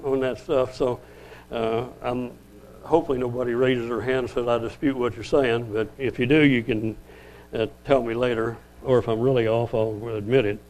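A man's voice: medium pitch, darkish tone, rough recording. Older man preaching in a rambling way. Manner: rambling, self-correcting, conversational; slows down to read scripture aloud. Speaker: lay preacher. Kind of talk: sermon teaching.

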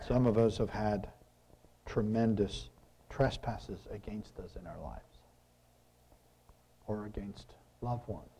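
A man's voice: lowish voice, takes it slowly, pauses often, dark tone, slight background noise. A man preaching a conversational sermon, reading scripture and asking his listeners questions. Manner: conversational, asks the audience questions.

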